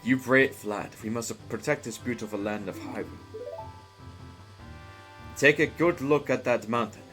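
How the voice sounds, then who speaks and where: Man doing a stern, hulking woman guardian, hushed and solemn, with a faint mock-Russian accent. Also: mid-range voice, normal speed, over music, natural voice. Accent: slight put-on Russian tint. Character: huge strong female warrior guardian, stern. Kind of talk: reading game dialogue aloud.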